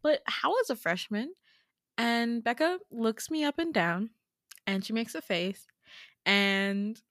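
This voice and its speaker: A woman's voice: on the high side, fairly bright tone, no echo, studio quality. A young woman hosting a podcast, chatty and giggly, casually retelling a dream. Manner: giggly, chatty, lots of fillers. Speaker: podcast host. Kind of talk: casual storytelling.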